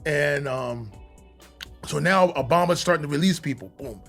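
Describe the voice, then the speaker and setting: Middle-aged male podcast guest, animated and profane storyteller, slightly high pitch. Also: normal speed, faint music behind. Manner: animated, profane, with frequent restarts. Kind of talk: casual storytelling.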